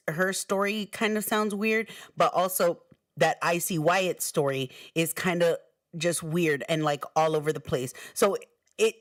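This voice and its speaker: A woman streamer giving casual commentary on a video, pausing to apologize for the sound. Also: fairly low pitch, no echo, studio quality.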